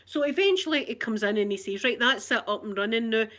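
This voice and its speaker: A middle-aged Glasgow woman vlogs from her living room, her fairly high, lively voice racing as she tells an indignant story to the camera and laughs along the way.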